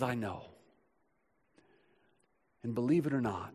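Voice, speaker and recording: Pastor in the pulpit: a man delivering an impassioned sermon with loud surges and quiet moments, reverb-heavy church sound. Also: deep voice, steady tone, normal speed. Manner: impassioned preaching, swinging from loud urgent builds to soft hushed passages. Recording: long hall reverb.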